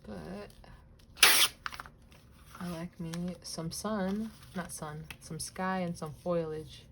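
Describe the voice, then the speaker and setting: A woman's voice: fairly low pitch, fairly even intonation, slow, creaky, very noisy. Giggly rambling young woman crafting. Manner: rambling, giggly, swears casually, slips into soft whispers. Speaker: crafting vlogger. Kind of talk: casual chatty crafting vlog.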